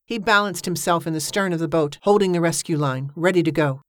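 Woman reading a story, low and dry. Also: fairly quick, no room sound. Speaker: narrator. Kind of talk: audiobook narration.

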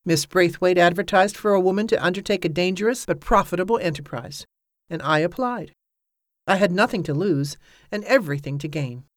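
A reader takes on a proud widow facing danger, earnest and quick to snap back. The voice sits noticeably higher than the narration. It is recorded close and dry. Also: female voice, dry recording, natural voice. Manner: earnest, pleading then sharp.

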